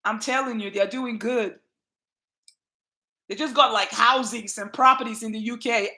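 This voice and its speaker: Bright-voiced Nigerian woman greeting viewers. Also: on the high side, normal speed, long pauses. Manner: warm greetings to viewers by name, lively and emphatic. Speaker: channel host. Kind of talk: casual livestream chat.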